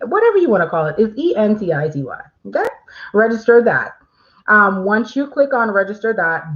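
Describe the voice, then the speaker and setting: A woman's voice: medium pitch, fairly bright tone, muffled recording. A woman hosting a casual livestream, chatting with viewers and reading their questions aloud, with frequent fillers. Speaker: livestream host.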